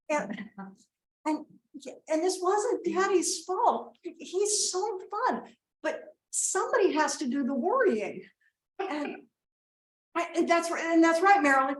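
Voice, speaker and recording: A woman playing a rambling, slow-talking mother at a toast. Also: very high-pitched, sing-song, heavily acted. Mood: chatty. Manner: rambling, interrupting herself to scold and coax family members. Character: rambling, self-deprecating middle-aged mother of the bride. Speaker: mother giving a wedding toast. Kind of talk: comedic monologue. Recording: roomy echo.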